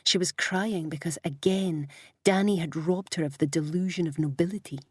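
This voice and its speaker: A husky-voiced woman, working as an audiobook narrator, reads a scripted story. Her voice is lowish and a little mellow, her pace moderate, and the studio-quality recording has no echo.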